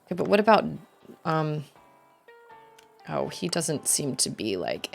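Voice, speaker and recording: A woman's voice: deep voice, sing-song, measured pace, creaky, soft background music. A woman in her thirties chatting casually while streaming a game, telling family stories and acting out quoted voices. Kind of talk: casual gameplay chat.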